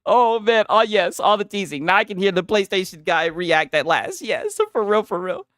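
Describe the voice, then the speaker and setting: A man streaming a casual reaction chat, loud and joking, swearing and laughing a lot. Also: high voice, animated, moderate pace, no echo, studio quality.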